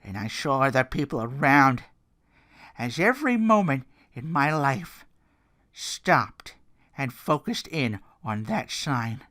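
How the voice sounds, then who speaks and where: A grizzled male wrestler, as a podcast host puts him on, cuts a theatrical promo. He lurches from roaring peaks to hushed murmurs, with his pitch leaping high and his tone bright. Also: very animated, takes it slowly, full character voice. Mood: dramatic. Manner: theatrical, shouting then hushed.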